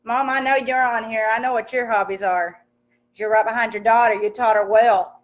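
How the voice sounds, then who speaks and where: A chatty young woman talks through a casual livestream while she cooks in her home kitchen, upbeat and quick to laugh. Her voice sits high and bright, and she greets each viewer by name into a phone camera. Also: fairly even intonation. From American countryside. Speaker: livestream host cooking while reading comments.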